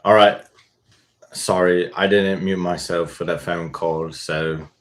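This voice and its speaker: A man's voice: deep voice, flat delivery, unhurried, slight background noise. A man voice actor chatting casually on a live stream, laid-back, thinking aloud and swearing freely.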